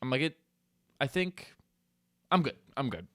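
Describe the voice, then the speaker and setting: A young man co-hosting a podcast, retelling a story in a casual way and acting out loud outbursts. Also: medium pitch, big pitch swings, a little slow, no echo, studio quality. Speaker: podcast co-host.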